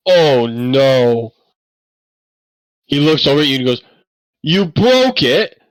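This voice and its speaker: A man's voice: level tone, rapid-fire, a bit bright, dry recording, close to an everyday voice, low-quality recording. A man voicing a flustered, indignant male blacksmith who is new to his trade, in a tabletop game. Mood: dismayed. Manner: shrill, indignant outbursts. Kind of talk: game master voicing an NPC.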